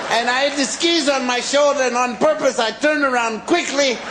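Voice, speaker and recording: An American man in his forties doing stand-up, telling a long story in a drawn-out, animated way and shouting the punchlines. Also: very high voice. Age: 40s. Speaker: stand-up comedian. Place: comedy stage before a live audience. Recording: live stand-up with loud audience laughter and noise.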